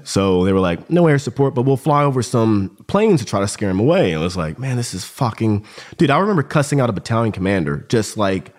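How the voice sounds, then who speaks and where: A man's voice: fairly low pitch, a little fast. A man talking as a podcast guest, telling a story casually and with energy. He peppers his talk with dude and bro. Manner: animated, slangy, calls listener dude and bro.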